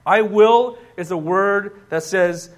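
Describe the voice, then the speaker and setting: A man's voice: high voice, takes it slowly. A man preaching a sermon as pastor, emphatic and repetitive, calling on the congregation to answer back. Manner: emphatic, repeats key words, rising to loud bursts.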